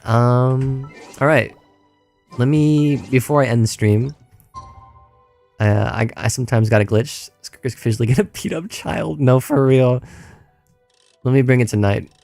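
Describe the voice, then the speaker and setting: A man's voice: mid-range voice, measured pace, gravelly, long pauses, a little mellow, faint music behind. A man streaming a video game who rambles, repeats himself and laughs a lot, sounding tired as his voice wears out. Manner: rambling, stammering, laughing often. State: tired, voice going. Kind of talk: casual gaming livestream chat.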